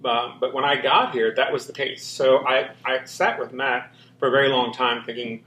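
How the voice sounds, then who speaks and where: A man's voice: medium pitch, level tone, normal speed, bright, forceful tone. A man with a slight lisp being interviewed, telling his personal story openly and earnestly with frequent ums and restarts. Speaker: interview guest. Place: walk-in closet, indoors. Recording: roomy room echo.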